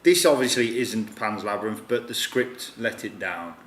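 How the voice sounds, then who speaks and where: A man's voice: fairly low pitch, moderate pace, a bit bright. A man chatting animatedly as a film reviewer, swearing casually and slipping into silly voices. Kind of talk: casual chat. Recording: echoey room with faint noise.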